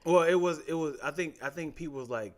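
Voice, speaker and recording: A man co-hosting a podcast in casual chat, relaxed and slangy, often asking the others questions. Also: fairly high pitch, fast talker. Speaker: podcast co-host.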